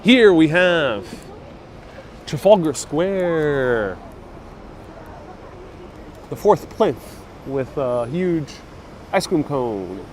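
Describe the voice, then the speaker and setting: A man's voice: a little high, expressive, drawn-out words, pauses often. A man guiding a live-streamed city bus tour, chatting casually and reading out viewer comments. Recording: faint street and traffic noise.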